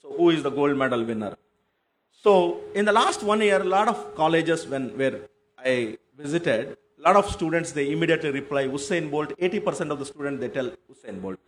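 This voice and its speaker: A man's voice: on the high side, expressive, a little fast, slight background noise. A man giving a motivational talk to students, asking the audience questions and answering them himself. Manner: tells an anecdote with quoted dialogue. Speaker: motivational speaker addressing students.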